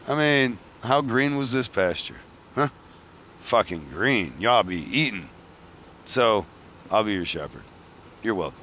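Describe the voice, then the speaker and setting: A man's voice: medium pitch, sharp tone. A man hosting a podcast, rambling casually from one tangent to the next, joking and swearing freely. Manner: joking, profane, wanders between tangents. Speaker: podcast host. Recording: dull lo-fi recording.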